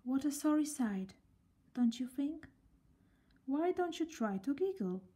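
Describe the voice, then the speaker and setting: A woman's voice: high voice, very animated, moderate pace, warm tone, pitched above the performer's own voice. A woman voicing a cheerful, kindly little man in a storybook reading, sounding hopeful and upbeat.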